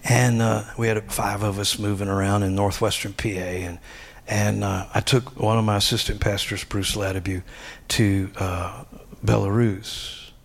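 A middle-aged man, a pastor, preaching a conversational sermon that swings between loud raised passages and hushed asides. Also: lowish voice.

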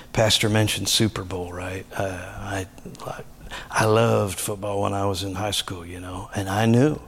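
A middle-aged man, a pastor, preaching a conversational sermon that swings between loud raised passages and hushed asides. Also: lowish voice.

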